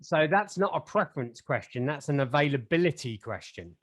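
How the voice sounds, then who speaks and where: Brisk and lively in intonation, the man's voice runs fairly high as he co-hosts a podcast. He's from England and keeps the casual conversation rambling and full of jokes at his own expense.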